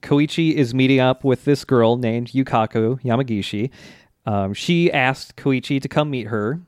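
A man co-hosting a casual chat, relaxed and laughing easily as he recaps the story. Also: mid-range voice, measured pace, no echo, studio quality. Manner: relaxed, many fillers, laughs often. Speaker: podcast co-host.

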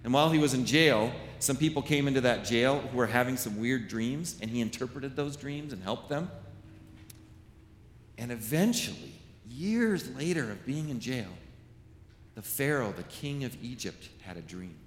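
A man, a pastor, giving a playful children's sermon, telling a story with animated voices to kids. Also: medium pitch, normal speed, slight background noise. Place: large church sanctuary. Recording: echoey church with long reverb.

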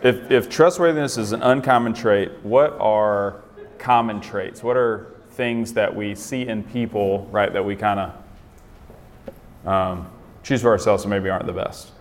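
A man's voice: fairly low pitch, fairly even intonation, a little slow, big-room sound, slight background noise. A man giving a casual sermon, conversational, asking the group questions and laughing often. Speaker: pastor.

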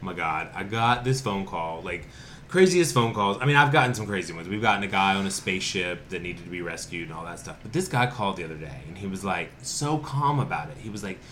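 A man co-hosting a casual podcast, telling stories in an animated, profane, often laughing way. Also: sits low, fast, a little hiss or hum. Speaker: podcast co-host. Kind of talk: casual chat.

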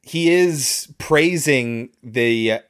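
A man's voice: mid-range voice, drawn-out words. A man co-hosting a casual podcast chat, wryly breaking down a film's flaws and often laughing. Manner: wry, explanatory, laughs often. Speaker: podcast co-host. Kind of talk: casual chat reviewing a film.

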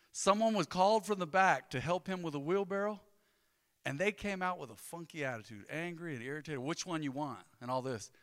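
A man, a pastor preaching a sermon in a conversational, joking way with animated storytelling. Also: on the high side, long reverb tail.

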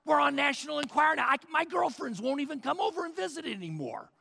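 Man playing a whiny teenage girl, high pitched, exasperated, long hall reverb. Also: expressive, fast, vocal fry, sharp tone, full character voice. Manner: complaining, exasperated. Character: whiny teenage girl, embarrassed by her father.

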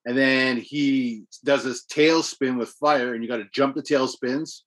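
A man's voice: medium pitch, measured pace. Casual male co-host, loose storyteller, salty language. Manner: swearing, animated storytelling about games. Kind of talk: casual chat.

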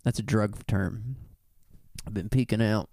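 A man co-hosting a casual chat who laughs often, swears and rambles excitedly. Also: on the low side, unhurried, dry recording, studio quality. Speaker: podcast co-host.

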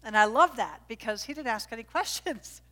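A middle-aged woman preaching a sermon, telling a family story with animated energy that jumps up at the high points. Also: moderate pace. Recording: reverberant hall.

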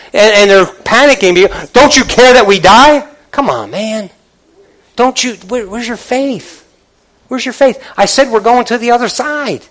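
A man preaching a sermon in an animated, conversational way, asking the congregation questions and acting out quoted voices. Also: high voice, low-quality recording.

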